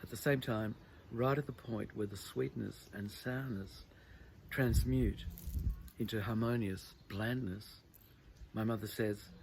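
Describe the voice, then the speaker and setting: A man with a low, gravelly voice reads literary prose in a measured, reflective manner. A faint hiss sits under the reading. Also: fairly even intonation, a little mellow. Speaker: author reading his own text.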